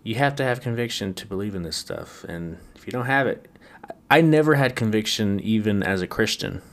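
A man's voice: lowish voice, expressive, a little fast, a bit bright. A man hosting a late-night solo podcast, rambling wryly with frequent stammered restarts. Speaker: podcast host.

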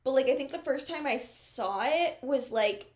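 Young woman, podcast co-host, fairly high voice, chatty and full of fillers, echoey room. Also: expressive, normal speed. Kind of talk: casual chat. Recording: roomy echo.

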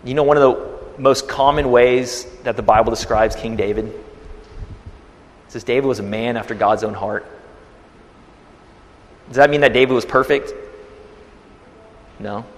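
A male pastor preaching a sermon, retelling a scripture story with swings between quiet and loud. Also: mid-range voice, unhurried, pauses often, big-room sound.

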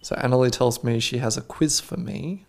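A man co-hosting a podcast in casual chat, playful and joking, quick to laugh. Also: medium pitch, a little hiss or hum. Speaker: podcast co-host.

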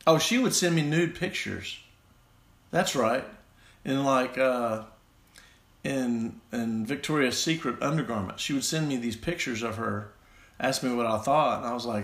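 A man with a Southern American accent telling a rambling, self-deprecating personal story in a halting way, with many restarts. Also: medium pitch, a bit bright, roomy sound.

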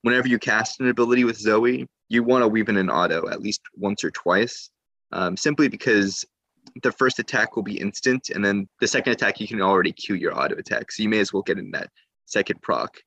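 Low-voiced man explaining game strategy. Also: brisk, a bit bright, dry recording. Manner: explanatory, with fillers and restarts. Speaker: podcast co-host. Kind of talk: casual gaming strategy talk.

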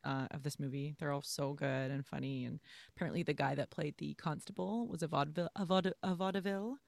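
A woman co-hosting a casual movie-review chat, talking in an animated way and acting out scenes with quoted voices. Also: low-pitched, fast, gravelly, no room sound. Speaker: podcast co-host.

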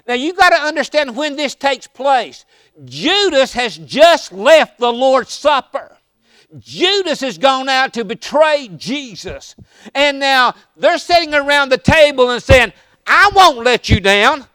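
A man preaching with a very high, bright voice. His tone is clear and smooth, and the sound is dry and close. He tells homespun stories and builds to fervent, raised passages. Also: dry recording. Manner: folksy storytelling, rising to impassioned shouts. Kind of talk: sermon.

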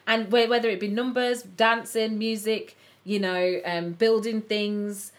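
A woman's voice: mid-range voice, fairly even intonation, measured pace. A woman co-hosting a podcast, talking in an earnest, reflective way. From English Midlands. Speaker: podcast co-host. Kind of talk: casual chat.

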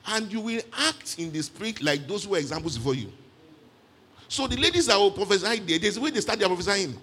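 A man preaching a sermon in an animated way, with frequent exclamations of praise. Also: on the high side, slight background noise.

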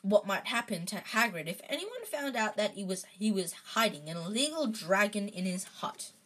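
A woman's voice: medium pitch, very animated, moderate pace. A woman reading a children's novel aloud in a casual way, with small slips and fillers. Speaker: narrator.

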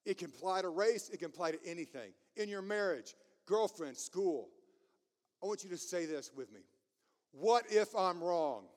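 A man's voice: high voice, lively intonation, normal speed, in a large hall. A man preaching a sermon, passionate and emphatic, laughing at himself now and then.

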